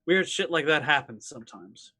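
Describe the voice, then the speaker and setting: A man voicing a calm, weary immortal man. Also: on the high side, normal speed, no echo, full character voice. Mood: wry calm.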